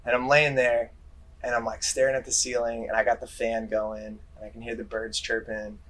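A man's voice: mid-range voice, flat delivery, moderate pace, very noisy. Guy just chatting and rambling, says like a lot, easygoing podcast talk. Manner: rambling, lots of "like" fillers, storytelling. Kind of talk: casual chat.

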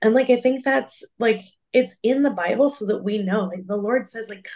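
A woman's voice: on the high side, normal speed, few pauses, a little mellow. A woman co-hosting a faith-based podcast, talking earnestly and reflectively with many fillers. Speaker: podcast co-host.

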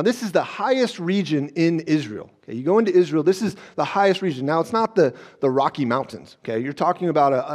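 Man, pastor, conversational sermon, slightly high-pitched, lively retellings. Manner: conversational, frequent "okay?" check-ins and restarts.

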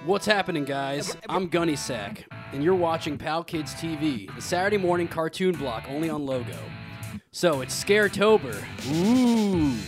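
A man's voice: a little high, expressive, moderate pace, over music, natural voice. A man playing an upbeat host of a kids' cartoon block, with a hammy announcer delivery. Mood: peppy.

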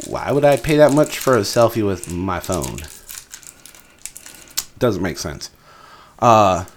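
Man, podcast co-host, casual chat, acts out stories, low voice, swinging intonation. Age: adult, parent of an eight-year-old. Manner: animated storyteller acting out quotes.

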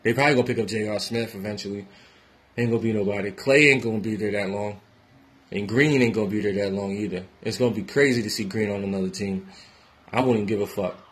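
A young man from New York rants casually and profanely, shifting between loud outbursts and low mutters. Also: quick pace. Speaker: independent musician giving sports opinions. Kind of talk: casual ranting monologue.

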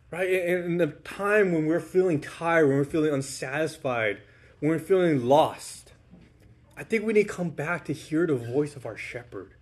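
This is an easygoing, informal sermon from a pastor whose voice is pitched a little above most men's. He chats with the congregation like old friends, leaning on relaxed fillers and checking in often with "right?"

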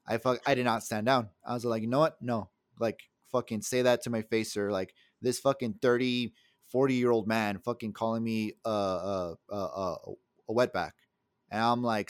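A young man from the El Paso area of the USA co-hosts a casual podcast, telling a story in a heated, profane way. He speaks briskly in a fairly low, steady voice, with studio quality and no echo.

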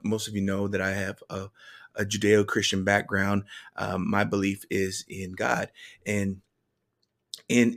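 A man's voice: fairly low pitch, fairly bright tone. Earnest man telling a faith testimony. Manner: earnest and halting, with frequent restarts. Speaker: speaker sharing a personal faith testimony. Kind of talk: personal testimony storytelling.

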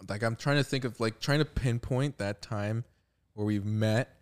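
A young man telling a long story in a casual podcast chat, relaxed, swearing and saying "like" often. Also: on the low side, moderate pace, clear, resonant tone. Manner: laid-back, swearing, heavy use of "like". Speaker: podcast co-host.

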